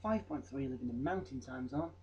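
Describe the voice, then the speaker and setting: A man's voice: medium pitch, animated, brisk, darkish tone, highs cut off, a little hiss or hum. A young man presenting trivia in a rambling, jokey vlog with mock-voice asides. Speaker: vlogger. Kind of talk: comedic fact vlog.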